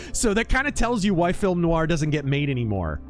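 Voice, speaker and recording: A man streaming a mech game and chatting casually, an animated storyteller who acts out quotes. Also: a little high, normal speed, faint music behind. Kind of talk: casual live-stream chat.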